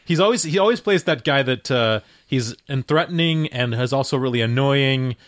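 A man's voice: mid-range voice, lively intonation, normal speed, fairly bright tone, no echo, clean studio sound. A man co-hosting a casual movie podcast, chatty and trivia-minded. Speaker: podcast co-host.

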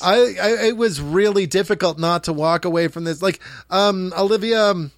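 A man's voice: high voice, normal speed, no room sound, clean studio sound. A man co-hosting a casual movie review podcast, talking in a profane, exasperated, rambling way with frequent restarts. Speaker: podcast co-host.

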